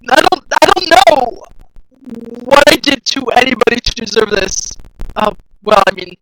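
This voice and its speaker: A woman's voice: a little high, a bit bright, poor audio. A young woman from France telling rambling, self-deprecating stories on a livestream, acting out both sides of each conversation. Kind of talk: casual storytelling to a live chat.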